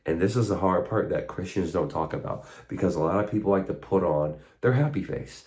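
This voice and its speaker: A man with a deep, low voice speaks about faith directly to the listener. He is earnest and conversational, and he slips into casual asides as he retells old stories. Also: brisk, hardly any pauses, a little mellow, muffled recording. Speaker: faith talk host. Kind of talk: spoken faith monologue.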